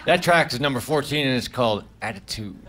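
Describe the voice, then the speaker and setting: A man doing a stand-up comedy set of deadpan one-liners with mumbled asides, recorded live on a comedy club stage. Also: medium pitch, fairly quick, very noisy.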